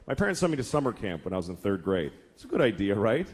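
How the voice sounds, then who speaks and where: Animated, profane man doing stand-up. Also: fairly low pitch, fast talker, slightly rough. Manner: profane, exasperated storytelling. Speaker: stand-up comedian. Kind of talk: stand-up comedy.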